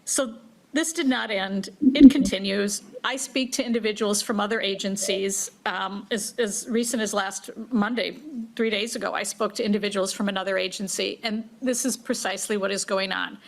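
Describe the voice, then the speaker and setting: A woman's voice: mid-range voice, steady tone, normal speed, gravelly. A woman who works as a state employee, giving public testimony in an earnest, plain-spoken way.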